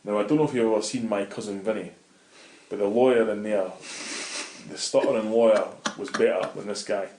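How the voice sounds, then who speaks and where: A man's voice: lowish voice, fairly even intonation, fairly quick, warm tone, slight background noise. A middle-aged Scottish man telling a vivid, swear-laden story as an interview guest in casual talk. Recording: roomy echoey room.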